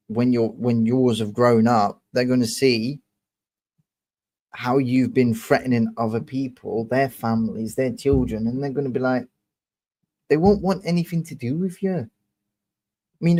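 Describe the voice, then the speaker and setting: A man's voice: medium pitch, mellow. A young man hosting a livestream, ranting angrily and swearing while confronting a commenter. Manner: angry, profane, confrontational. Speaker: livestream host. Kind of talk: heated livestream rant.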